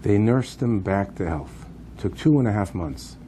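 A man's voice: fairly low pitch, lively intonation, unhurried, dark tone, slight background noise. A man speaking at a memorial program, telling a dramatic story with emphasis and swings of pace.

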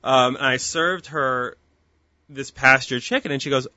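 A man's voice: medium pitch, measured pace, sharp tone, no echo. A man in his thirties, a company founder as interview guest, talking earnestly and at length with frequent restarts. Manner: earnest, talkative, restarts often. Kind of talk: casual interview chat. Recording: dull lo-fi dry recording.

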